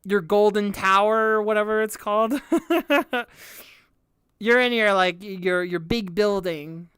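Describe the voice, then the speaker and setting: Smooth-voiced young woman streamer. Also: mid-range voice, slow, fairly bright tone, dry recording, studio quality. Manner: thinks aloud, hesitant restarts, frequent laughs, swears. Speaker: streamer reacting to an album. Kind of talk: casual reaction stream, reading lyrics aloud.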